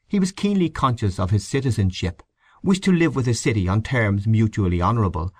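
A man narrating literary fiction for an audiobook in a measured, expressive manner. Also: lowish voice, no room sound.

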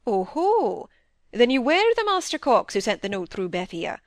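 A woman's voice: a little high, sing-song, moderate pace, no room sound. A woman reading as a wry, stern country doctor. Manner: wry, then sternly lecturing. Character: dry-witted middle-aged male country doctor, stern.

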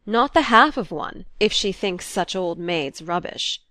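A moody, sardonic young gentleman who answers with dry scorn, as a woman narrator puts him on. The storybook reading is close and dry, with no room sound. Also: lowish voice, expressive, a little slow, dry recording. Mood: jeering.

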